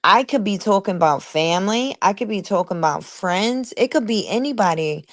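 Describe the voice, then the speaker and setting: A woman's voice: medium pitch, animated, moderate pace, no echo, clean studio sound. A woman hosting a personal motivational talk, emphatic and colloquial, often tagging her points with "okay?". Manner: emphatic, keeps asking "okay?"; colloquial, drawls some phrases. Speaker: podcast host.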